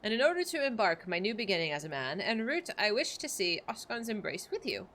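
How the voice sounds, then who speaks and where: A woman's voice: mid-range voice, big pitch swings, a little fast, fairly bright tone, slight background noise. Earnest young scholar, read by a woman. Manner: reads stiff archaic game dialogue aloud.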